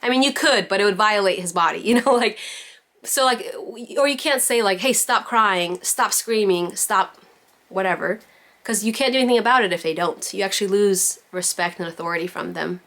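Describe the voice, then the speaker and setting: A woman's voice: medium pitch, quick pace, fairly bright tone. A woman teaching a parenting class over a video call, talking in a chatty way full of "like" and "you know". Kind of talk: casual virtual class teaching.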